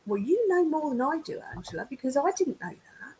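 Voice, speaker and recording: A woman's voice: sits high, sing-song, brisk, dark tone. A woman from England, a guest psychic medium chatting casually over a video call, laughing often and self-deprecating.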